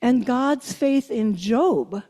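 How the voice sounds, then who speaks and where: An older woman minister giving a reflective sermon, asking her listeners questions and slowing down on key phrases. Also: a little high, expressive, warm tone. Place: church sanctuary. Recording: long church reverb.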